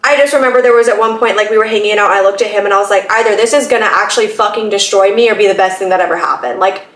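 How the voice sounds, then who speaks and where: A young woman hosting her own podcast, telling a story casually, swearing often and breaking into loud laughs. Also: medium pitch, rapid-fire, distant mic. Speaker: podcast host. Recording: echoey room, off-mic.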